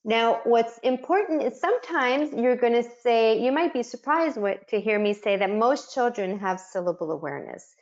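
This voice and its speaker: A woman's voice: a little high, animated, moderate pace, hardly any pauses, highs cut off. A middle-aged woman giving an instructional webinar, explaining and sounding out speech sounds for educators. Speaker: webinar facilitator.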